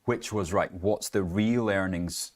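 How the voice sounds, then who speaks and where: A middle-aged man with a low voice speaks unhurriedly as co-host of a live trading show. His market commentary is conversational, sprinkled with jokey asides.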